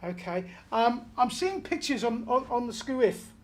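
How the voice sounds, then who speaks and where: A woman with a fairly high voice gives a medium reading in a chatty, conversational way. She passes on messages and keeps checking that her listener follows. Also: sing-song, moderate pace. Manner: chatty, relays messages, often checks in with "do you understand".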